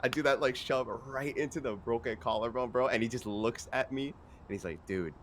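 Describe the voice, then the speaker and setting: A man's voice: medium pitch, a little fast, fairly bright tone, slight background noise. A man casting an esports match in a casual, laid-back way, laughing often and calling people bro and dude. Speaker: esports caster. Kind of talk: casual play-by-play commentary.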